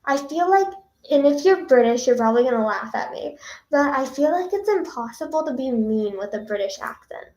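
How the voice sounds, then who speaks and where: A woman's voice: sits high, lively intonation, brisk, a little mellow. A young woman, a singer, chatting casually with viewers on a livestream in a bubbly, chatty way. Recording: echoey room.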